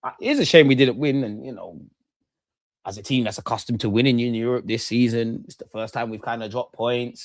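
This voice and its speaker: A young man hosting a football watchalong, talking in animated, slangy, ranting bursts that settle into calmer match analysis. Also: mid-range voice, fairly quick, no echo. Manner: animated, slangy, rants then calms. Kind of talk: casual post-match reaction.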